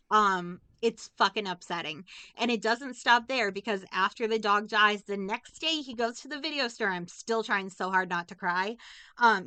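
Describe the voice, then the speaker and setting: A woman's voice: medium pitch, bright, forceful tone, clean tone, no echo. A woman co-hosting a casual movie review podcast, giving an emotional, rambling recap of a film and swearing often. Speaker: podcast co-host.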